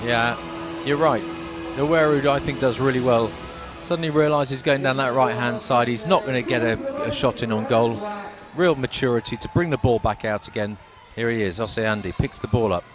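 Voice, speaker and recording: Analytical male co-commentator, music behind. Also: medium pitch. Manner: measured, analytical, punchy exclamations.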